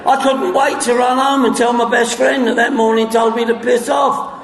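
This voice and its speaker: A man telling his story at a recovery meeting, acting out the dialogue with coarse humor and sudden shouts. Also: extremely high pitch, fairly even intonation, normal speed, vocal fry. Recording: echoey hall with long reverb.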